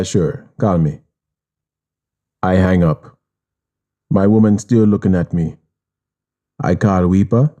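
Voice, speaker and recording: Jamaican guy narrating an audiobook, deep-ish and warm, slow menace in it. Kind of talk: audiobook reading.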